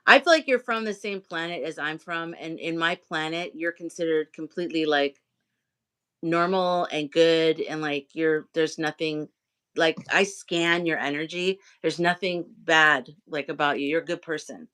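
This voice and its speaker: A woman's voice: low voice, moderate pace, fairly bright tone, clear, resonant tone. A woman hosting a casual livestream chat, talking freely with lots of fillers and acting out the voices of people she quotes. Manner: chatty, acts out quoted voices, many fillers. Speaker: livestream host. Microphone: live video stream.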